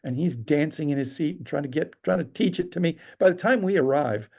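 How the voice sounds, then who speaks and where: A man telling a personal story as a podcast guest, lively and acting out the lines he quotes. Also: on the high side, fairly quick, vocal fry, husky. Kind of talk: animated anecdote telling.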